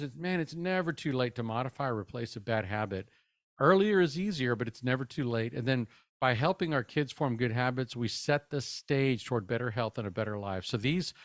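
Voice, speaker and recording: A middle-aged man presents a parenting webinar in a relaxed, conversational way, often dropping in "man" as he talks. His voice sits at an ordinary pitch, and the sound is close and dry with no room echo. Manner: casual and upbeat, says "man" often.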